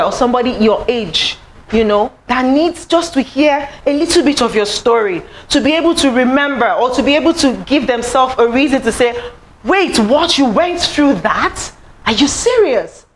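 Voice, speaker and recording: A woman giving an animated, personal inspirational talk to a live audience, acting out what others said to her. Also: a little hiss or hum, low-quality recording. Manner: animated, acts out quoted voices, rising to high exclaims. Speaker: motivational speaker. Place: event room.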